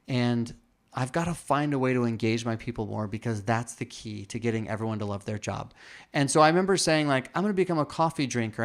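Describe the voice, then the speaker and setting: A man hosting a podcast, telling a reflective personal story in casual talk and acting out the quoted lines. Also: mid-range voice. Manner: reflective, acts out quoted dialogue. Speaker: podcast host.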